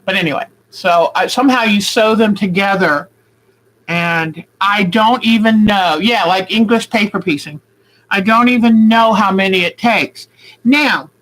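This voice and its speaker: Slow, chatty woman vlogging her quilting. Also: mid-range voice, fairly bright tone, poor audio. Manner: chatty, rambling, thinks aloud. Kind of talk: casual craft demonstration.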